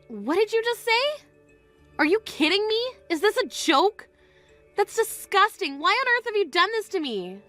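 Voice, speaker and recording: A woman's voice: very high-pitched, big pitch swings, moderate pace, fairly bright tone, faint music behind, heavily acted. A woman voicing an indignant young bride. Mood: upset. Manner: indignant, cutting. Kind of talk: voiced text-story drama.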